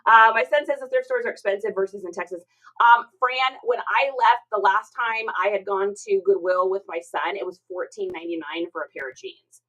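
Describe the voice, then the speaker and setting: Middle-aged woman, live-stream host, chatty and expressive, average pitch. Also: normal speed, poor audio. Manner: chatty and expressive, with frequent fillers and repeated words. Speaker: reseller hosting a live stream. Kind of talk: casual live-stream chat, reading out viewer comments.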